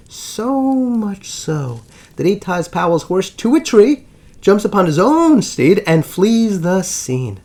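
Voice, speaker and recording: A man narrating a dramatic history story as the host of his channel, with big swings in pitch and loudness.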